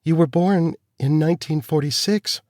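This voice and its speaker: A man voicing a shocked young woman, asking strained, high questions. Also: moderate pace, darkish tone, dry recording, clean studio sound, close to an everyday voice.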